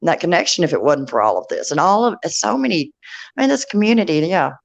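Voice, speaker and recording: A woman's voice: on the low side, sing-song, fast, vocal fry. A woman hosting a casual online group chat, rambling and laughing as she talks. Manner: warm, rambling, laughs often. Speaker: stream host. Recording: muffled stream audio.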